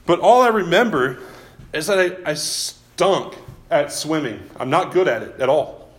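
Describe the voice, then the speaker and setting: A man's voice: fairly high pitch, expressive, unhurried, echoey room. A man preaching a sermon as pastor, talking in a folksy, self-deprecating way and often repeating his words.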